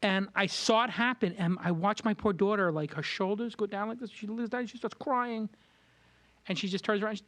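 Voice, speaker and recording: A man's voice: high voice, a little fast, a bit bright, no room sound. A man from Brooklyn hosting a podcast, talking in a rambling, candid way and often correcting himself mid-sentence. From Brooklyn, New York. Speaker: podcast host. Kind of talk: casual studio chat.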